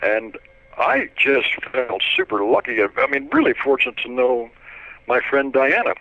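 A man's voice: mid-range voice, a little slow, dull audio. An older man, telling stories as a retired editor in a chatty, anecdotal way with frequent chuckles. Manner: chatty anecdotal, with lively quoted voices and chuckles. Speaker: interviewee, retired trade editor. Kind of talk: casual storytelling.

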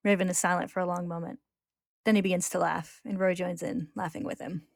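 A woman's voice: fairly low pitch, level tone, fairly quick, vocal fry, no echo, studio quality. A woman host retelling a comic's story in casual recap narration, laughing often and lifting the quoted lines. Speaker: podcast host retelling a manga.

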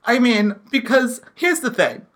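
A woman's voice: fairly high pitch, expressive, unhurried, a bit bright. A young woman co-hosting a podcast, chatting casually and hesitantly, with lots of fillers and restarts. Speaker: podcast co-host. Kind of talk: casual chat, role-play banter.

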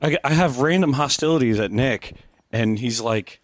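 A man's voice: medium pitch, animated, normal speed, no echo. A playful, goofy man chats on a beer podcast. His voice is recorded dry and close, with no room around it. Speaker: podcast co-host. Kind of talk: casual chat.

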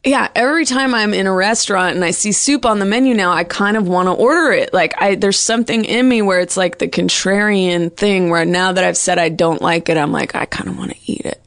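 Husky, gravelly-voiced woman comedian. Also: mid-range voice, fairly quick, few pauses, fairly bright tone, no room sound, studio quality. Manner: rambling, sardonic, self-deprecating. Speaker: comedian hosting a podcast. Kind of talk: casual comedic monologue.

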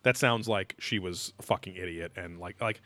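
A man's voice: low-pitched, moderate pace, pushed and bright. Joking male podcast co-host. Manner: joking, crude, laughs often. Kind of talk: casual comedic chat.

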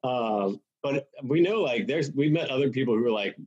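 A man's voice: medium pitch, animated, moderate pace, darkish tone, breathy edge. A man, an actor, chatting casually in a hesitant, rambling way and trailing off with "I don't know.". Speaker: actor, guest. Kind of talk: casual chat. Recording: muffled lo-fi audio.

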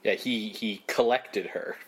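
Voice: medium pitch, steady tone, unhurried, a bit bright, husky. A podcast co-host commenting on a film with dry, joking remarks in casual chat. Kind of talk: casual movie discussion.

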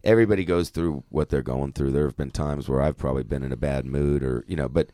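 Middle-aged guy, really low voice, swears a lot, acts out what everyone said, dry close sound. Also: quick pace, no echo. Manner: swears freely, animated retelling with quoted dialogue. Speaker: actor guest. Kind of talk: casual interview storytelling.

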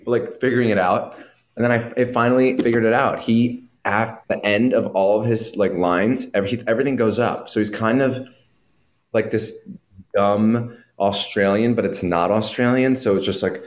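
A man, a guest from New York, telling animated stories in casual chat and swearing freely. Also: on the low side. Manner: animated storytelling, heavy swearing, quick asides.

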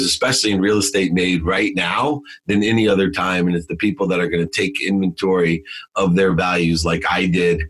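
A middle-aged man telling his life story in an emphatic, motivational way, in short punchy phrases. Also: low-pitched. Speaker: guest.

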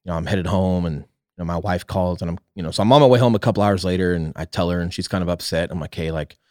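A man's voice: sits low, fast, a little mellow, no echo, studio quality. A man in his thirties telling a candid, profane personal story as a guest in a casual talk. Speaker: podcast guest, realtor.

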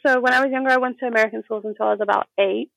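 A woman's voice: fairly high pitch, steady tone, very fast, vocal fry, highs cut off, heavy background noise. A woman with a generic English accent, a guest chatting casually, laughing often and restarting her sentences. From England. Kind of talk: casual chat.

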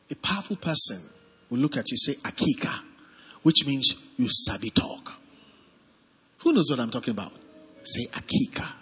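Animated Nigerian pastor preaching. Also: male voice, fairly high pitch, breathy edge. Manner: animated, calls on congregation to respond. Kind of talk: sermon with prayer. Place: church service hall. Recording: long hall reverb, faint music behind.

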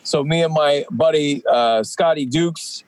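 40s wrestler guy chatting on a podcast, kinda high voice, dry mic, rambly with lots of restarts. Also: measured pace, no room sound, poor audio. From Atlantic Canada. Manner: rambling, many fillers and restarts. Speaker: podcast guest, professional wrestler. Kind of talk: casual podcast chat.

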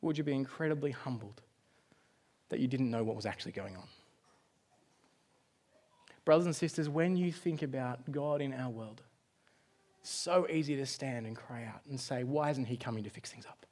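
A male pastor preaching a sermon, telling a story with dramatic swings from loud outbursts to hushed, quiet lines. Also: mid-range voice, moderate pace, long pauses.

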